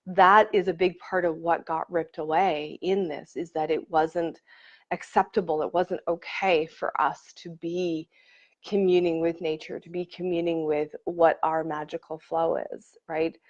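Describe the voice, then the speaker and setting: A woman with a fairly low voice leads a live online workshop, speaking casually and warmly to her viewers. The stream audio sounds a little dull and lo-fi. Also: flat delivery, a little slow. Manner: warm and effusive, reads and greets commenters.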